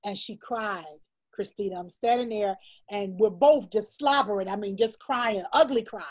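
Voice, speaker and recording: A woman's voice: medium pitch, moderate pace, darkish tone, low-quality recording. A woman speaking as an illustrator and storyteller guest in an interview, talking with heartfelt emphasis and repeating phrases for stress.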